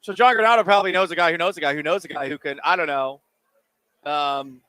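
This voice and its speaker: Animated sports radio host, dry studio sound. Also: male voice, a little high, fast, clean tone, no echo. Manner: animated, jokey, talks while eating. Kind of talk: casual call-in radio talk. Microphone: studio microphone.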